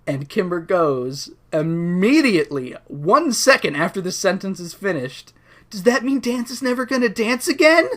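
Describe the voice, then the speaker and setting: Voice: mid-range voice, big pitch swings, moderate pace. A podcast co-host recapping an episode in casual chat, joking, laughing often and mocking characters in silly voices.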